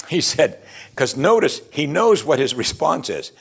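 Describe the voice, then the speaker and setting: A man preaching a sermon in an animated way, acting out the voices of the people in the passage he is teaching. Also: mid-range voice, normal speed, vocal fry, slightly rough. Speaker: pastor.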